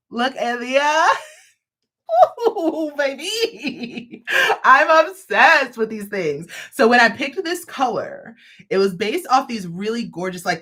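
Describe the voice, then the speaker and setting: A woman with a lowish, slightly rough voice hosts a live crochet stream, demoing a product. She chats through it with playful, sassy asides.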